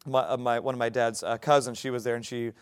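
A young male pastor delivering a sermon in a conversational way that climbs to forceful emphasis. His voice is smooth and resonant, sitting at an ordinary middle pitch. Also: little pitch movement, quick pace. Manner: conversational preaching, rising to emphatic points.

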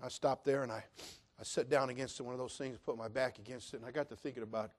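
A man preaching a sermon, telling a personal story in an animated way, going from loud outbursts to quiet, prayerful asides. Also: medium pitch, quick pace. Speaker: pastor.

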